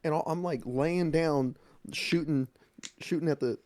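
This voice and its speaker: A man co-hosting a podcast, talking casually in halting, rambling bursts. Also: a little high, a little mellow, no echo. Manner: rambling, halting, laughs often. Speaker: podcast co-host. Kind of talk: casual chat.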